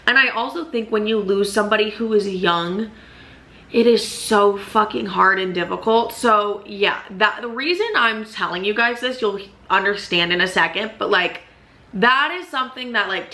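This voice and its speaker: A young woman with a bright, sharp-edged voice tells a personal story straight to her viewers. She talks casually and emphatically, peppering every sentence with "like" and frequent swearing, sounding candid and unfiltered. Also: medium pitch. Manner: emphatic and chatty, heavy swearing and constant "like" fillers. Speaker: YouTube vlogger.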